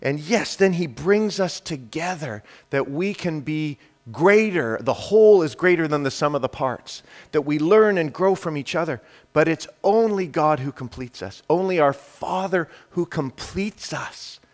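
A man's voice: on the high side, animated, unhurried, hardly any pauses. Emphatic male preacher. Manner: emphatic, shifts between loud declarations and quiet hushed lines; addresses the congregation directly with rhetorical questions. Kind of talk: sermon.

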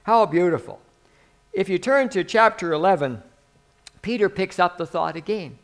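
Man, preacher, sermon, high voice, animated, laughs often, soft musing then loud exclaiming. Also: moderate pace.

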